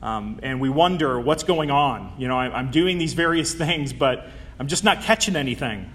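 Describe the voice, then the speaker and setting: A man's voice: medium pitch, normal speed, fairly bright tone. A man preaching a sermon in a conversational way, with frequent ums and small self-corrections.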